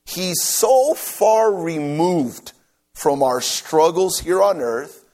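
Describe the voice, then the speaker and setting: A man preaching a sermon, emphatic and repetitive, dropping to soft near-whispers on key phrases. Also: fairly high pitch, expressive, extremely slow.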